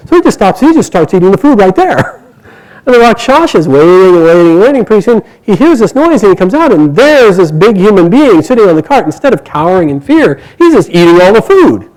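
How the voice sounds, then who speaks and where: A man telling a myth aloud to a live group, animated and chuckling along with the story. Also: sits high, fast, low-quality recording.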